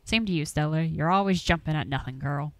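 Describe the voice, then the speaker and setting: A woman doing a gruff old Appalachian farmer. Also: low-pitched, brisk, dry recording, low-quality recording. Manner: folksy drawl, grumbling and scolding. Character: gruff old rural man, stubborn chicken farmer and hunter.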